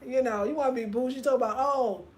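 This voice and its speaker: A woman hosts a casual livestream, telling her stories with animated delivery and talking straight to her viewers. Her voice sits on the higher side. A faint hiss of noise runs under the recording. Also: quick pace. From United States. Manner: animated storytelling, talks straight to viewers, reads comments aloud. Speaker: host.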